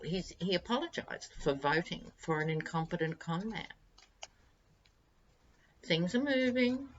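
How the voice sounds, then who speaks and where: A woman's voice: deep voice, fairly bright tone, highs cut off, slight background noise. A woman, chatting wryly and directly to her viewers as a tarot-reading vlog host. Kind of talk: casual monologue to viewers.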